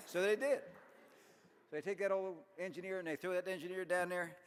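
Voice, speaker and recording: An older man giving an after-dinner speech at a banquet, telling folksy jokes with deadpan punchlines and chuckling at his own jokes. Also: sits high, brisk, slight background noise. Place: large banquet hall. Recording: long hall reverb.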